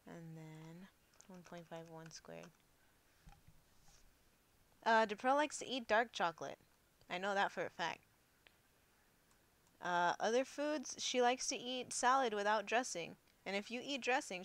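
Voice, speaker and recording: A young woman tutors physics on a casual livestream, breaking off into playful, giggly asides. Her voice sits at a middling pitch. The sound is dry and close, with no room around it. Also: lively intonation, unhurried, pauses often, fairly bright tone, no echo. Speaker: physics teaching assistant.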